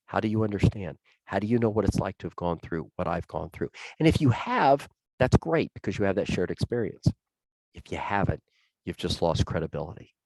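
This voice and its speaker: A man's voice: on the low side, dark tone, dry recording, low-quality recording. A man giving a plain-spoken, conversational talk on self-care, telling stories and repeating key points for emphasis. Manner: folksy, plain-spoken storytelling with emphatic repetition. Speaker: public safety speaker. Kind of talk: conversational presentation.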